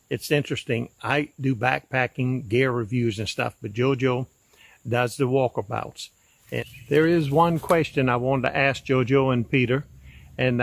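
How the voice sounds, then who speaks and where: A man in his eighties with a folksy, rambling way of talking, giving a casual video shout-out. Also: medium pitch, dry recording. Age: 80s. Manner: folksy, rambling, with frequent fillers. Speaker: backpacking channel host giving a shout-out. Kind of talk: casual recorded video message.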